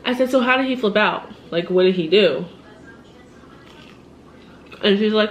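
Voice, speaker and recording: A woman telling a personal story in a casual vlog, animated and upset, laughing and quoting the people in it, a little shaky. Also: medium pitch, a little slow, slight background noise. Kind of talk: casual storytime while eating.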